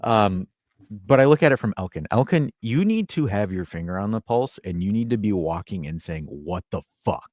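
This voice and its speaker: A man's voice: fairly low pitch, expressive, fairly quick, a little mellow, no room sound, studio quality. A man hosting a sports podcast, ranting with profanity and sarcasm in casual chat. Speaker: podcast host.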